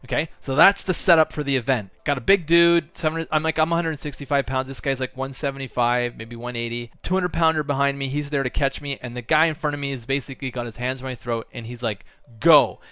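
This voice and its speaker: A man's voice: medium pitch, fast, hardly any pauses, clear, resonant tone, no echo. A man telling a personal story in a casual monologue, acting out the other people's lines and using lots of "like" and "right?". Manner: animated storyteller acting out dialogue; frequent fillers like "like" and "right?". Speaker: spiritual coach and channel host.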